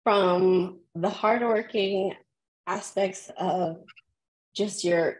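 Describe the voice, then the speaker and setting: A woman reading self-affirmations aloud as a cast member, emotional and halting, with pauses and fillers. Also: on the low side, poor audio.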